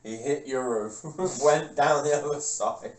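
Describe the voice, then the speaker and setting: A man's voice: mid-range voice, takes it slowly, far from the mic. A man co-hosting a casual podcast, chuckling and throwing in crude jokes. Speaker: podcast co-host. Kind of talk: casual chat. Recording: echoey room, voice off-mic.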